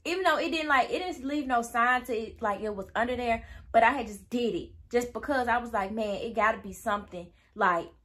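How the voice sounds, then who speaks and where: A woman's voice: on the high side, brisk, few pauses, a bit bright. A young woman telling a casual storytime to her viewers, chatty and easily sidetracked, acting out quoted dialogue. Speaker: vlogger.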